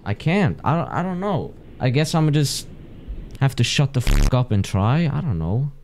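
A young man giving excitable gameplay commentary as host of his gaming channel, swearing and exclaiming often. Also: mid-range voice, normal speed, a little hiss or hum. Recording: clear game music underneath. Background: game music.

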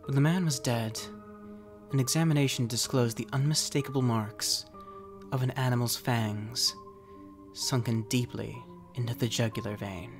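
A man's voice: medium pitch, steady tone, normal speed. Man narrating a ghost story over music. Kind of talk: dramatic reading of a classic ghost story. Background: faint music.

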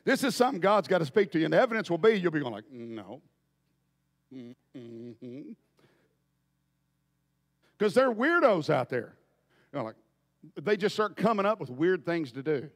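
A man preaching a folksy storytelling sermon, dropping to quiet asides and then bursting into loud shouts. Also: on the high side, big pitch swings, moderate pace, pauses often, in a large hall.

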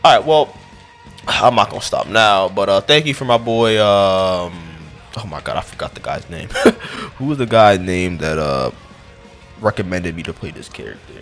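A man giving profane live commentary over his own gameplay, muttering one moment and yelling the next. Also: low-pitched, lively intonation, moderate pace, faint music behind. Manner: profane, reactive, swinging between muttering and yelling. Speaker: gaming commentator.

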